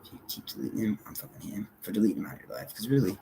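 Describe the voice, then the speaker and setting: A man's voice: on the low side, big pitch swings, very fast, vocal fry, noisy background. A man rambling in a casual monologue, swearing and laughing often, sometimes muttering.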